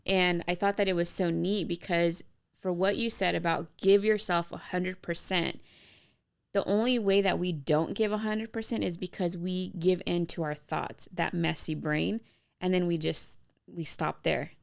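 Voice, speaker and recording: A woman with a heavily gravelly yet smooth, resonant voice, pitched a little low. She co-hosts a casual faith-based podcast chat and talks in a rambling way, full of fillers and restarts. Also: steady tone, normal speed. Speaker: podcast co-host.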